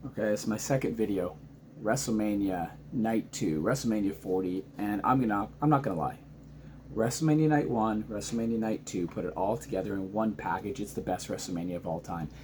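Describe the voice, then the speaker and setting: Low-pitched man, rambling excited recap, faint background hiss. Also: brisk. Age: adult, married father. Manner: excited, rambling, lots of ums and restarts. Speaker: wrestling reaction vlogger. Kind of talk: casual reaction vlog.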